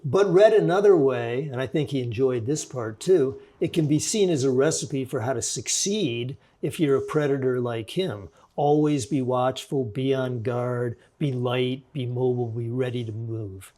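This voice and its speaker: A man's voice: mid-range voice, warm tone. Reflective older man telling a story. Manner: measured, reflective storyteller with frequent restarts. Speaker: author and forensic psychologist guest. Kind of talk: storytelling podcast interview.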